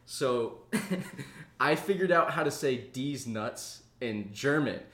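A man's voice: medium pitch, lively intonation, a bit bright, echoey room. Joking, swearing male podcast co-host. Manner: swearing, quick to laugh, jokey. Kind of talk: casual comedic chat.

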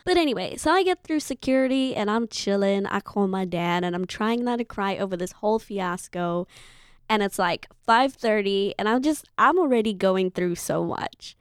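A woman's voice: medium pitch, expressive, normal speed, clean tone, no echo. Young woman, 20s, from Zimbabwe, casual storytelling, chatty, playful asides, dry close recording. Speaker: vlogger.

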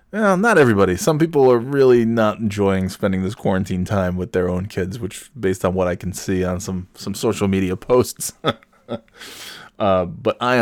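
A man's voice: low-pitched, no room sound. A man hosting his own podcast, rambling in a self-deprecating way and laughing at his own jokes. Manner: breaks into loud mock announcer bits. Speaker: podcast host. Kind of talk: casual solo podcast monologue.

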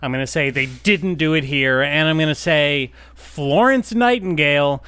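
A man's voice: fairly high pitch, normal speed, pushed and bright, clean tone, dry recording. A man co-hosting a podcast who answers a quiz, joking and swearing casually with lots of fillers. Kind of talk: casual chat.

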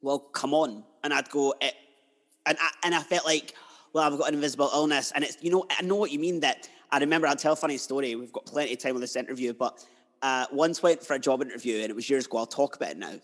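A man's voice: medium pitch, fast talker, a bit bright. A man hosting a podcast interview, chatty and emotional, drifting into personal stories. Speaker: podcast host. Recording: long hall reverb.

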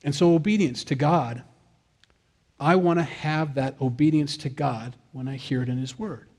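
A man's voice: on the high side, normal speed, darkish tone. A man, a father of young kids, preaching a sermon in a conversational way, with jokey asides and acted-out quotes. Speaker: pastor.

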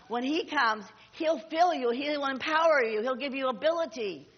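Middle-aged lady pastor preaching, kinda high voice, repeats herself a lot, long echo in a big hall, dull sound. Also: animated, moderate pace, few pauses. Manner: emphatic, repeats phrases, exhorting. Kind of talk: sermon.

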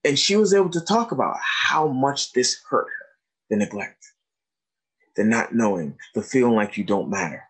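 Man in his 30s doing a casual talk for teachers on trauma, lively storyteller, does the voices of the people in his stories. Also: mid-range voice, moderate pace, slightly rough. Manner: storytelling, animated, acts out quoted dialogue. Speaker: trauma educator and presenter. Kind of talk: informal talk to educators.

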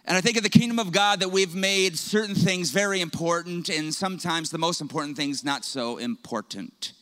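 A young man preaching a sermon as pastor, telling stories with humor and quick asides to the congregation. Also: high voice. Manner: conversational storytelling with humor, lively asides.

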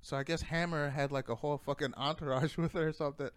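Man, casual storyteller, profane and rambling, smooth tone. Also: fairly high pitch, fairly even intonation, fast. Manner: profane, rambling, laughs often.

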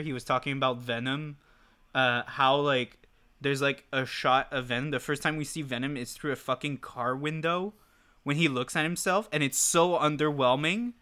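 A man co-hosts a podcast in casual, animated chat packed with fillers and swearing, recorded on a podcast mic. His medium-pitched voice is bright, forceful, and smooth.

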